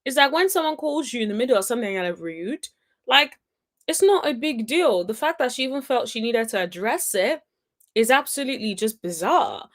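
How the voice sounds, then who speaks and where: A woman's voice: a little high, expressive, fairly quick. A woman hosting a reality TV recap, reacting to clips in a chatty, sassy way and humming "mm-mm-mm" in approval. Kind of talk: casual commentary on show clips.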